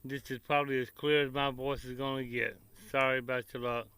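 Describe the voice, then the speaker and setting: This barbecue vlogger talks a little fast in a medium-pitched, flat delivery, his tone sharp, clear, and resonant with no room sound. With a Tennessee Southern accent, he rambles casually to camera outdoors at his grill, folksy and heavy on country slang.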